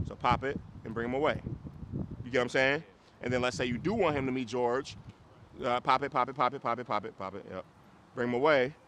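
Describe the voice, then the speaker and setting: A man leading an outdoor dog training class, explaining casually, checking that students follow and breaking into loud, high praise for the dog. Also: noisy background. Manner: casual, explains with repeated checks like "you get what I'm saying". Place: outdoors in a city.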